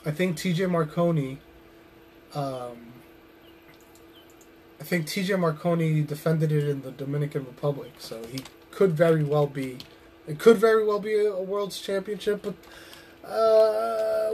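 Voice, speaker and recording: A man's voice: on the high side, measured pace, slight background noise. Intense man cutting a wrestling promo. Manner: brooding and intense, bursting into loud shouts. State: tired and drained. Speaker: pro wrestler.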